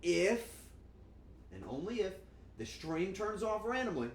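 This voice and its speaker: A man's voice: sits high, a little slow, pauses often. A man casually chatting with his viewers on a cooking stream, playful and joking. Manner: playful, joking with chat, animated outbursts. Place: home kitchen. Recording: echoey room, faint ambience.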